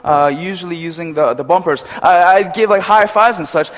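A man's voice: sits high, a little fast, few pauses. A young man preaching a casual sermon, chatty and storytelling, with many asides to his congregation. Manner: chatty, storytelling, animated when retelling. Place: church hall. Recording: reverberant hall.

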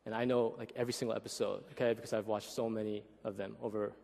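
A man in his thirties preaching a conversational sermon, animated and often checking in with "right?". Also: lowish voice, quick pace, gravelly, big-room sound. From Korean heritage. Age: 30s. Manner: animated, keeps asking "right?", acts out voices. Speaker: pastor.

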